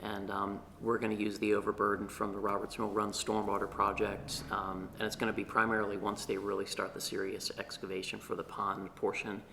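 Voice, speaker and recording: A man on town staff giving a measured, hesitant meeting report in a meeting room, with many pauses. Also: fairly low pitch, monotone, creaky, bright, forceful tone, slight background noise.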